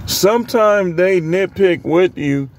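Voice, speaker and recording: A young man casually telling work stories to the camera, animated and full of voice impressions. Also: high voice, slow, slight background noise. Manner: animated, imitates other people's voices mid-story. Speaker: vlogger. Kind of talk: casual storytelling.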